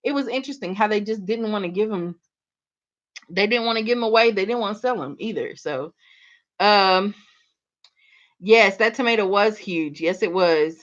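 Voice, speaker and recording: A woman's voice: medium pitch, normal speed, long pauses. A woman hosts a gardening livestream, chatting casually with viewers and calling them y'all. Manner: animated, addresses viewers as y'all. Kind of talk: casual chat reading viewer comments. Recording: slightly dull lo-fi livestream audio.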